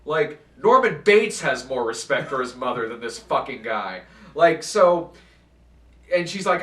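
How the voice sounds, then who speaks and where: A man hosting his channel, telling a convention story in a casual, animated and profane way, acting out what others said. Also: on the high side, measured pace. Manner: animated, profane, acts out quotes. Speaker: channel host. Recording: echoey room, far from mic.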